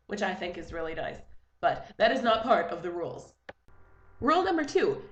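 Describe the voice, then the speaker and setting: Young female vlogger, slight lisp, lingering cold; animated and exasperated, recorded in an echoey room. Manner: animated, exasperated, with big pitch jumps. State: stuffy from a fading cold. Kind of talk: casual ranting vlog.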